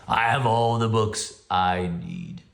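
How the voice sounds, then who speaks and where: Brief: dad putting on a grumpy pompous storybook bear, huffy and raised, roomy home echo. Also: male voice, fairly low pitch, steady tone, takes it slowly, vocal fry. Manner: huffy, haughty, grows louder. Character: grumpy fussy male bear, pompous, easily annoyed.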